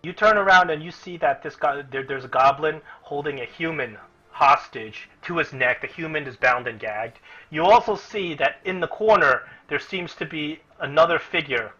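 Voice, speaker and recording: Guy game master w a bright forceful voice, kinda high, muffled lo-fi audio, lots of uhs. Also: moderate pace, faint music behind. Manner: casual, explanatory, with many fillers and restarts. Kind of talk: narrating a tabletop game online.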